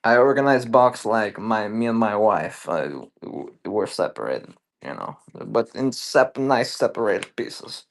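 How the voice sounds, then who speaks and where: A man's voice: fairly low pitch, very animated, normal speed, gravelly, no room sound, full character voice. A man doing Borat, a boastful comic foreign reporter. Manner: broken grammar, boastful.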